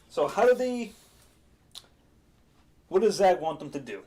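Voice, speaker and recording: A man's voice: high-pitched, very animated, measured pace, long pauses, darkish tone. A man talking casually on a stream as game master, rambling with many fillers and laughs.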